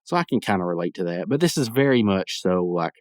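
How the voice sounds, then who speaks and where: In this clean, echo-free studio recording, a young podcast host gives a loose solo rundown of a cartoon episode, laughing while he performs the characters' lines. He speaks fast in a low, slightly mellow voice that swings widely in pitch.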